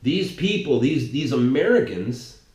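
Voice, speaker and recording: A man's voice: mid-range voice, very animated, measured pace, a little mellow, echoey room. A man giving a heated political monologue, rambling and restarting his sentences as he goes. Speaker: political commentator. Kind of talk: ranting monologue.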